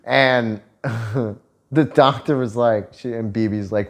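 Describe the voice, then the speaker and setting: A man's voice: medium pitch, steady tone, takes it slowly. A man telling a story in a casual, profane, joking way and laughing often. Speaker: vlogger.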